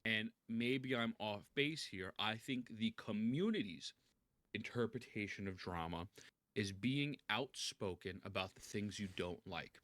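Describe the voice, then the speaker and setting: A man recorded in his bedroom at night, giving calm, measured commentary on a video. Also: lowish voice, dry recording. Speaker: content creator in a played video. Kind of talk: talking-head commentary.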